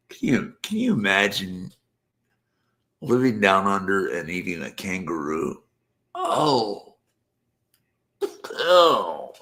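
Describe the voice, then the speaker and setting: A man's voice: low-pitched, vocal fry, a bit bright. A man hosting his own late-night live stream, rambling casually to the chat. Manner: rambling, drifting, talking to the chat. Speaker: channel host.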